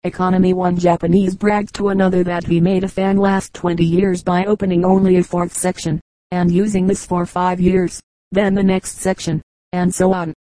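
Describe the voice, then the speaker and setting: A woman reading aloud a book of short jokes as an audiobook narrator, in a steady, even way. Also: lowish voice, moderate pace, no echo, rough recording. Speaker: audiobook reader. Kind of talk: scripted narration of a joke book.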